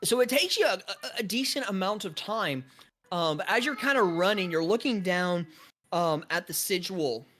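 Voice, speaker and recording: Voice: medium pitch, lively intonation, normal speed, a bit bright. A game master narrating a tabletop role-playing game in a casual, hesitant way, with many fillers.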